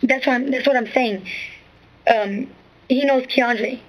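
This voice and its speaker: In poor audio, a woman with a high-pitched voice talks a little slowly as she tells an interviewer what happened. She's a witness giving a statement in street slang, rambling and repeating herself, with "you know what I'm saying" coming up over and over.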